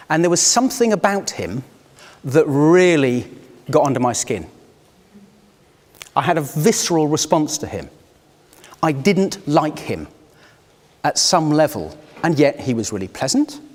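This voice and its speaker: Male facilitator, fairly high voice, reflective and inviting, recorded in an echoey conference room. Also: a little mellow. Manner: reflective, inviting, personal storytelling. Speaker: workshop facilitator. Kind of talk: live workshop talk to a group. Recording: long hall reverb.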